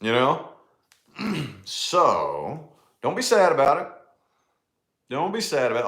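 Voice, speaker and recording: A man's voice: mid-range voice, big pitch swings, normal speed, pauses often, a bit bright, roomy sound. A middle-aged man hosting a casual tarot livestream chat, laid-back and swearing freely, calling his viewers dude and y'all. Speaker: tarot channel host.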